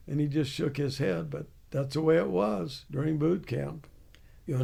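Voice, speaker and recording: A man's voice: fairly high pitch, creaky, dark tone, breathy edge. An older man, an army veteran, telling plainspoken stories in an interview and laughing along. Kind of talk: storytelling interview.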